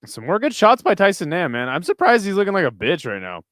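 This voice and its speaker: A man's voice: high voice, wildly swooping pitch, quick pace, a bit bright, dry recording. Crude, joking man on a dry mic. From United States. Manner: crude, joking, chatting with viewers between fight calls. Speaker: streamer hosting a fight watch party. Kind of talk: casual live-stream commentary.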